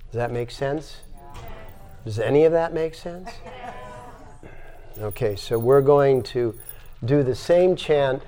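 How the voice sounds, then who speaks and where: A man's voice: medium pitch, slow pace, long pauses, dark tone, slight background noise. An older man giving a spiritual yoga lecture, demonstrating breath sounds and telling stories with emphasis. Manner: demonstrative, exhales sighing sounds to teach breathing. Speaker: yoga teacher.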